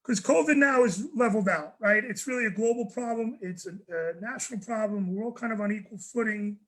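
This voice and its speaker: A man, a guest on a panel, telling a personal story in an animated way, often restarting and repeating words. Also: high voice, brisk, poor audio. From New York. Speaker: guest speaker.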